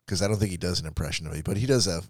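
A middle-aged podcast co-host thinking aloud, with frequent restarts. His voice sits on the low side, and it is recorded close and dry with no room sound. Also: racing, a little mellow, no room sound. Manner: rambling, self-interrupting, reflective. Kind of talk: casual chat.

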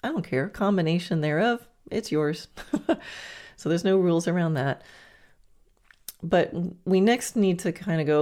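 A woman's voice: on the low side, a little slow, long pauses, mellow. A woman hosting a podcast, giving chatty, encouraging coaching advice with playful asides. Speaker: podcast host. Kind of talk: coaching monologue.

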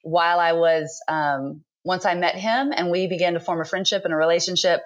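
A woman in her thirties, a book author speaking as a podcast guest, talking thoughtfully with frequent pauses. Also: on the low side, steady tone, highs cut off. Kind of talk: conversational interview.

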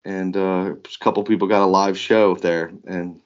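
A man's voice: level tone, moderate pace, dull audio. Profane, jokey podcast co-host man. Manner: loose, profane, jokey, mocking high voices for bits. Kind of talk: casual chat.

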